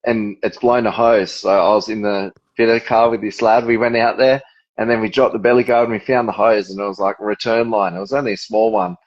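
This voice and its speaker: Laid-back Australian guest, lo-fi sound. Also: male voice, on the low side, fairly even intonation, brisk. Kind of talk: casual chat.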